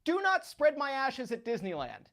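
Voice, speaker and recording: A man from South Florida, a guest analyst chatting casually on a radio show, telling animated stories. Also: extremely high pitch, normal speed. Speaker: sports betting analyst guest. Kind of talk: casual chat.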